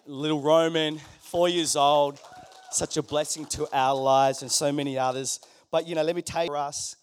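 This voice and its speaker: A man's voice: on the high side, normal speed, slight background noise. A man, preaching in church and acting out the story. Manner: animated, acts out characters in quoted voices. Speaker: pastor. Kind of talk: sermon with storytelling. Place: church hall.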